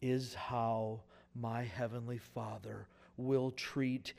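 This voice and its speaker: A male pastor preaching a sermon in a conversational, folksy way, swinging from quiet asides up to emphatic, louder points. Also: level tone, takes it slowly, vocal fry. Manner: rises in pitch and volume for emphatic points, drops to quiet asides.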